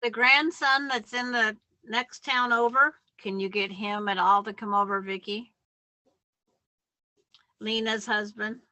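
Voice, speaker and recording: A woman co-hosting a casual livestream, adding slow, unhurried remarks to the chat. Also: fairly high pitch, steady tone, bright, forceful tone, no room sound. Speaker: livestream co-host.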